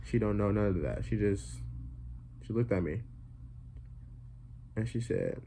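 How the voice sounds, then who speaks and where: A young man telling a comedic story to his viewers in a rambling way, full of fillers and deadpan jokes. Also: lowish voice, measured pace, long pauses, slight background noise. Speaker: vlogger.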